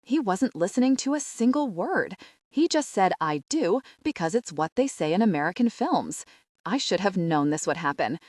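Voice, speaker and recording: Animated woman narrating an audiobook. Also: medium pitch, normal speed, dry recording, clean studio sound. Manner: animated, exasperated storytelling. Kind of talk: first-person scripted narration.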